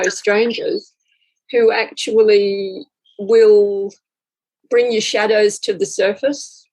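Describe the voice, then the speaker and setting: A woman's voice: mid-range voice, creaky, a little mellow, breathy edge, rough recording. A woman in a group talk sharing spiritual experiences in a reflective storytelling way, acting out her inner dialogue. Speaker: group discussion participant.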